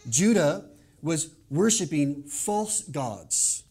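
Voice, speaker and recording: A male pastor delivering a sermon, opening with a quiet prayer and then speaking in an earnest, measured way. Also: a little high, lively intonation, breathy edge. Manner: earnest, measured preaching with soft prayerful passages.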